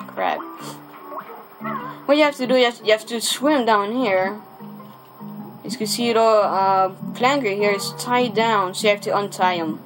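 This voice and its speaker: A young man with a high voice plays a video game and gives casual, rambling commentary, in the manner of a let's play gamer, and the recording quality is low. He's chatty, restarts often, repeats himself, and curses mildly and quickly when things go wrong. Game music plays in the background.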